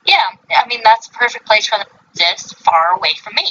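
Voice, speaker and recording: A woman's voice: medium pitch, lively intonation, fast talker, bright, forceful tone, muffled recording. A woman hosting a podcast in casual chat, rambling with many fillers and self-corrections. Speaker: podcast host.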